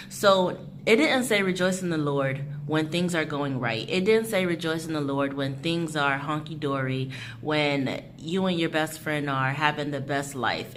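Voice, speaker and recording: A woman with a low, full voice delivers a casual devotional pep talk into a phone held sideways. She is animated and preachy and laughs often. A faint hiss sits under the recording. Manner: animated, preachy, laughs often, African American Vernacular English turns. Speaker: host of a Christian encouragement channel. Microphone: phone held horizontally.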